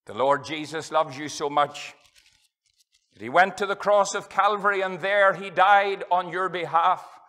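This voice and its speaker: The speaker is a middle-aged Northern Irishman preaching a fervent evangelistic sermon in a church hall, a little slow, his voice unusually high, bright and forceful. He alternates between booming and hushed tones in revival fashion, reciting scripture in old-fashioned language.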